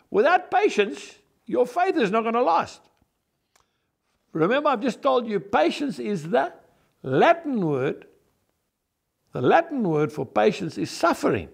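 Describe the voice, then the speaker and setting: Speaking straight to viewers he calls "folks," a man from South Africa delivers an emphatic, folksy devotional sermon from his farm. His voice is high-pitched, gravelly and husky.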